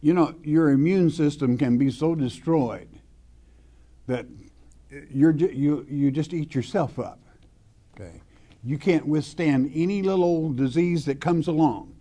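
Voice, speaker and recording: A man preaching a sermon verse by verse, reading scripture slowly with emphasis and then explaining it in a folksy way, often asking the listener questions. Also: on the high side, mellow.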